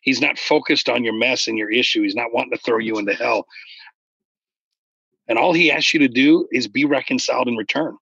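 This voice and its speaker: A man in casual conversation about faith, explaining earnestly and getting animated when he retells stories. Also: mid-range voice, a little fast, gravelly, breathy edge, no echo, highs cut off.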